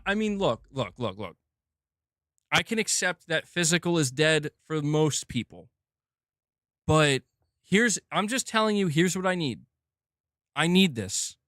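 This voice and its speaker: A male stream host venting in a loose, exasperated rant, full of swearing and restarts. His voice sits a little high. The sound is dry and close, with no room in it. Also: fairly bright tone, no echo. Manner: exasperated, profane, rambling. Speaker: host of a gaming news stream.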